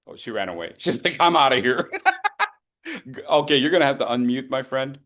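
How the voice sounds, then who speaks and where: A man's voice: medium pitch, lively intonation, a little fast, a bit bright. A man leading an online public speaking workshop over a video call, playful and teasing as he calls on participants.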